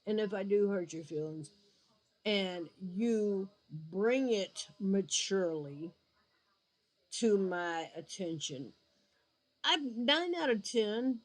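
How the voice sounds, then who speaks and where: A woman vlogger and gamer with a lowish voice gives her viewers a blunt, emphatic opinion, tossing in mocking asides. It's a frank opinion vlog, and the recording quality is low.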